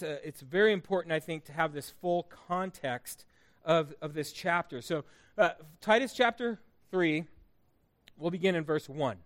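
A middle-aged male pastor preaching a sermon, telling a personal story in a conversational way with fillers and restarts. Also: high-pitched.

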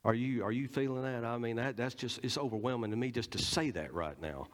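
A man's voice: mid-range voice, brisk. A man with a Southern American accent preaching a teaching sermon in church, stressing points and quizzing the congregation. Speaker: pastor.

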